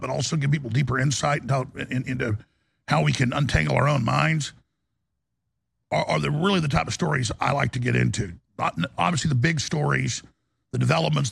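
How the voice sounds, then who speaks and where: Gravelly raspy male talk radio host. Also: fairly high pitch, fairly bright tone, no echo. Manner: rambling with restarts and rising outbursts. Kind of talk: impassioned monologue. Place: broadcast studio.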